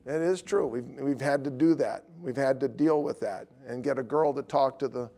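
A man teaching a class on evangelism in a lively way, laughing often and acting out voices. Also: medium pitch, normal speed. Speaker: evangelism trainer.

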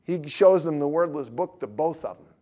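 A middle-aged man preaches in a storytelling style, his voice sitting a touch high for a man. He is animated, slips into acted voices for the people in his story, and laughs as he goes. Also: normal speed. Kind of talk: storytelling sermon.

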